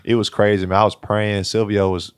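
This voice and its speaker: A man's voice: on the low side, flat delivery, a little fast, clean tone, dry recording. A young man, a college basketball player, telling a story in casual podcast chat, repeating words and acting out quotes. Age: young adult.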